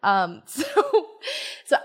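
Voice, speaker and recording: A woman's voice: extremely slow, a bit bright. Woman running a tabletop game, laughs a lot, pokes fun at herself. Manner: giggly, self-deprecating. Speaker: game master. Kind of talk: casual chat.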